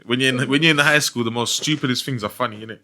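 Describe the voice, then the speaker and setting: Male podcast host, 30s, high and chatty, bright tone. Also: rapid-fire. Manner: laid-back, laughs often, says innit. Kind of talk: casual chat while smoking.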